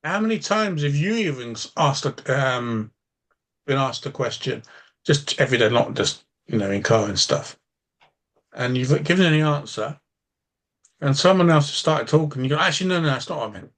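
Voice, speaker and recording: A man in casual podcast chat, blunt and unfiltered, swearing to make his point. He rambles and restarts sentences as he thinks aloud, at a middling pitch for a man. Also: expressive, normal speed, fairly bright tone. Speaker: driving instructor and coach.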